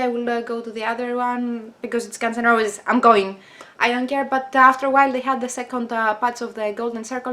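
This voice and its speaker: A young woman vlogging, telling a personal story in an excited, halting way with many fillers. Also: high-pitched. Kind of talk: casual personal storytelling to camera.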